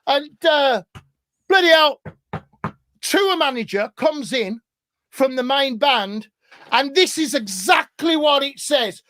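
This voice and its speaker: A man, a guest in casual chat, telling stories with animation and growing loud as he laughs. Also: very high voice, expressive, slow pace, no echo. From England. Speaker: guest musician.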